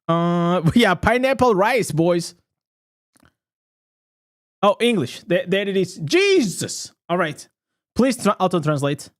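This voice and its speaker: A man giving casual, excitable reaction commentary as a gaming content creator, chatty and laughing often. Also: high voice, slow pace, long pauses.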